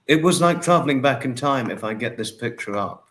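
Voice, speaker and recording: A man hosting a casual livestream, warmly greeting and thanking viewers by name and apologizing often. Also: medium pitch, lively intonation, brisk, slight background noise. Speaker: livestream host. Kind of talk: casual livestream chat reading viewer comments.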